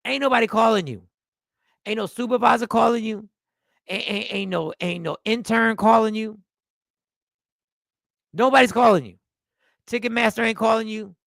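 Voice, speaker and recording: A man doing a mocking comedic rant, repeating phrases and dropping to low mutters between loud bursts. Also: normal speed, gravelly, pauses often, no echo, clean studio sound. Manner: mocking, repetitive, animated with sudden drops to mutters. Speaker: comedian reacting to a clip.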